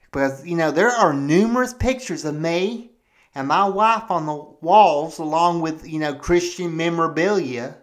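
A jealous, paranoid husband, played by a man, rants with indignation and lets curses fly as he airs his grievances. He talks at an unhurried, dragging pace. Every suspicion comes out sounding like proof. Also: fairly high pitch, a bit bright. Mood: explaining. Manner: cursing, ranting, indignant. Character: jealous, profane, paranoid middle-aged husband. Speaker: podcast pastor host. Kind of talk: comedic monologue performed in character.

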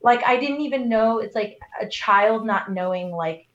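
A woman's voice: on the high side, normal speed, fairly bright tone. A woman co-hosting a podcast, telling a personal story in casual chat with lots of fillers. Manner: emotional storytelling, many fillers. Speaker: podcast co-host. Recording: roomy, dull lo-fi sound.

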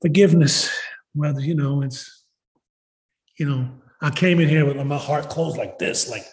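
A man tells his recovery story at a meeting. His voice sits a little high, and he talks in an emotional, rambling way, full of "you know" and "like." He speaks openly, as a personal testimony. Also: steady tone, moderate pace, a little mellow. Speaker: recovery meeting member sharing.

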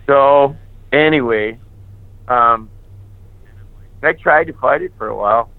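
A male priest telling his personal testimony, candid and animated, acting out the dialogue he remembers. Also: medium pitch, takes it slowly, no room sound. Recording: tinny phone-like sound.

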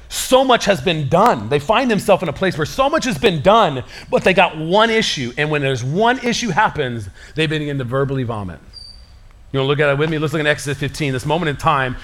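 A man preaching a sermon as pastor, speaking in an animated, conversational way with casual slang. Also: fairly high pitch.

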